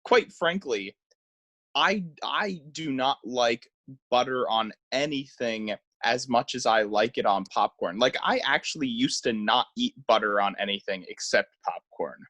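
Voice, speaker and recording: A young man co-hosts a casual podcast, rambling through his thoughts with frequent "like"s and false starts. His voice sits at an ordinary middle pitch, and the recording is dry and close. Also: expressive, unhurried, pushed and bright, no room sound. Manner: rambling, hesitant with restarts and "like". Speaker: podcast co-host. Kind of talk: casual chat.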